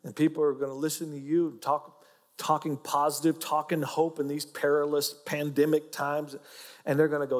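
Folksy Oklahoma pastor in a big hall. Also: male voice, a little high, normal speed. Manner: folksy, joking, animated preaching. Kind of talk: sermon.

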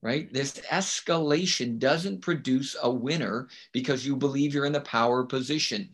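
A man's voice: medium pitch, normal speed. Emphatic man as a podcast guest. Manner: emphatic, often asks rhetorical "right?". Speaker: education speaker, podcast guest. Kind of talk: casual interview talk.

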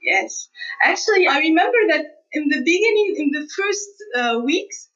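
A woman's voice: high voice, expressive, moderate pace, fairly bright tone. A woman answering interview questions as a guest scientist, earnest and hesitant, with restarts and light laughs. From Tunisia. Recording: distant, dull remote recording.

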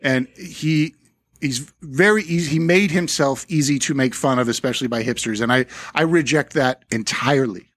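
A man's voice: medium pitch, normal speed, a bit bright, no echo. A man co-hosting a podcast, chatting casually about music in a rambling, profane way, full of fillers and restarts. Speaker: podcast co-host.

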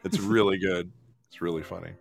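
A man's voice: low-pitched, fairly even intonation, gravelly, dry recording. Playful man hosting a live show. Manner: enthusiastic, playful, drawn-out announcements. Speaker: show host. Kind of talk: casual live show chat.

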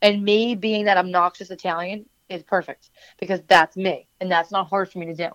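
A woman's voice: lowish voice, fairly even intonation, moderate pace, no echo. Woman, New Jersey accent, rambling interview answers, dry close sound, a little dull and lo-fi. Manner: rambling, chatty, many fillers and restarts. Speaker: wrestler and manager.

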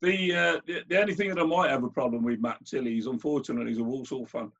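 A man's voice: mid-range voice, fast, creaky, fairly bright tone, slightly rough, highs cut off. A man with a Birmingham accent hosting a conversation, talking casually and often restarting his phrases. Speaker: host and chair.

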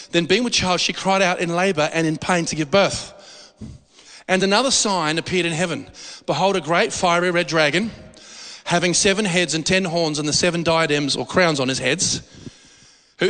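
A man preaching a sermon in a church hall, animated and jokey, asking the congregation questions. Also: fairly high pitch, brisk. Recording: long hall reverb.

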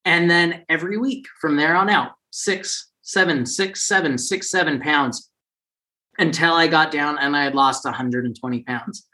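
A man's voice: on the high side, moderate pace, bright, forceful tone. A man in his forties telling a personal story in a casual way, acting out the people he quotes in raised, funny voices.

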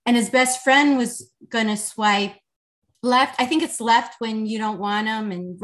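A woman guest, an intimacy coach, telling a lively story in a casual podcast chat, with lots of "like". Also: a little high, unhurried. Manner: animated, chatty, lots of "like".

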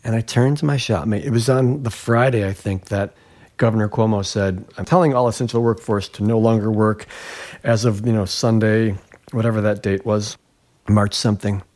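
A man's voice: on the low side, steady tone, moderate pace, darkish tone. A man, a glassblower and interview guest, telling a personal story in an earnest, reflective way that livens up when he retells events.

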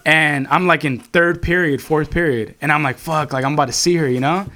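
A man's voice: a little high, steady tone, brisk, bright, forceful tone. A young man telling a long story to his friends in casual chat, rambling and swearing, with lots of filler words.

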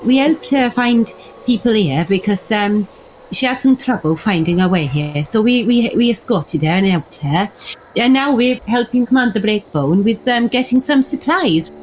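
A woman's voice: a little high, animated, moderate pace, darkish tone, a little hiss or hum, low-quality recording. A woman playing her character in a tabletop game, talking politely and hesitantly with frequent restarts. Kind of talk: in-character tabletop role-play.

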